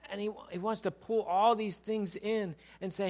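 Man, pastor, sermon, lively preaching, fairly high voice, acts out voices. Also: moderate pace, few pauses. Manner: animated preacher who acts out quoted voices and asks the congregation to repeat lines.

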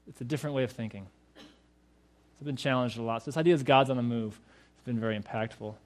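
A man's voice: medium pitch, quick pace. A male pastor preaching a sermon in a conversational way, raising rhetorical questions to his listeners.

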